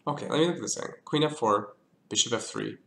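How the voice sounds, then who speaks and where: A man's voice: medium pitch, pushed and bright. A man thinking aloud as he works through chess moves, muttering and mocking himself, with a cough now and then. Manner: slow, muttering, self-deprecating. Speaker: chess streamer analyzing a position.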